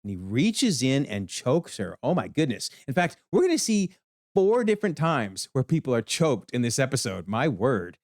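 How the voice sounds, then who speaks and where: A man giving an animated TV episode breakdown, exclaiming often as he comments. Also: medium pitch, moderate pace, no room sound, clean studio sound. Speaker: video commentator.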